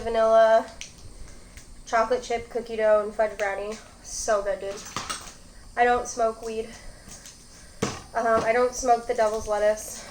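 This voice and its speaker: Young woman rambling on her eating vlog, kinda high voice, echoey room. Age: young adult. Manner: chatty, rambling, lots of "like" and "um". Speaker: mukbang host. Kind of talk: casual eating vlog chat. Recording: roomy echo, faint background noise.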